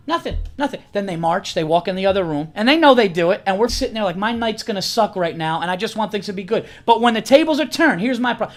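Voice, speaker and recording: A man in his thirties hosting a podcast in casual comedic chat, rambling and restarting his sentences. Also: high-pitched. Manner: rambling, restarts often, with many "like" fillers. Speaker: podcast host.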